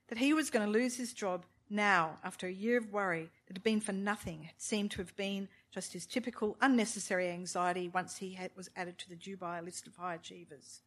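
A woman reading a novel aloud in a measured, expressive storytelling manner, with occasional asides to her listeners. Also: medium pitch. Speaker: reader of a novel.

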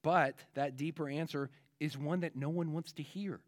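A pastor preaching a conversational sermon in a casual way, with frequent fillers and restarts. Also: male voice, on the high side, fairly even intonation, moderate pace.

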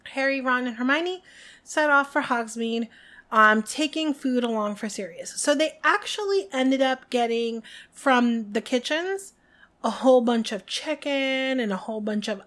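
A woman co-hosting a podcast, recapping a book in an animated, giggly casual chat. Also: fairly high pitch. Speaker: podcast co-host.

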